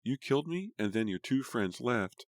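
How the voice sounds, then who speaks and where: A man voicing a teenage girl who is a vengeful shapeshifter, speaking in a low, even, icy tone. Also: moderate pace, no room sound. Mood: cold menace.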